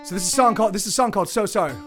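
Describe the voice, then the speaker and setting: A man's voice: high voice, rapid-fire, a bit bright, faint music behind. A middle-aged male musician streaming live, chatting casually between songs and rambling with many restarts. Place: home streaming setup.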